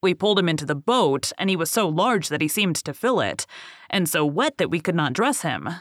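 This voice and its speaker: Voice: medium pitch, very animated, fairly quick, a bit bright, dry recording, studio quality. A reader voicing a weary old boatman. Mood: grave. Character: weary older male boatman, bitter storyteller. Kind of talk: audiobook reading.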